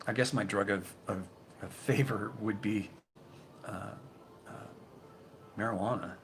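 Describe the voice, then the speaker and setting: A man hosting a casual live stream, reading viewer comments and chatting in a rambling, halting way, repeating his words. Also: lowish voice, noisy background. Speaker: YouTube channel host.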